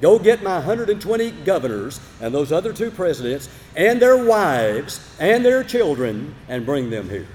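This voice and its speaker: A preacher voicing an imperious old king, proclaiming orders in a high, forceful voice that swings up and down. The commands ring out through a hall with a long reverb. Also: very animated, moderate pace, few pauses, slight background noise. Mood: commanding.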